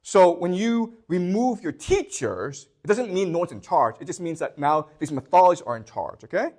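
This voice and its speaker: A man teaching a history class, speaking off the cuff with many fillers and restarts, often pausing to ask "okay?" to check that students follow. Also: sits high, animated, a little mellow. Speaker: lecturer.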